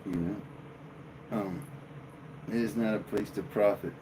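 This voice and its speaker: A man hosting a live stream, chatting casually and joking with his viewers in a slow, drawling way. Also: lowish voice, steady tone, noisy background. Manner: slow, drawling, jokey banter with chat. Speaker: livestream host.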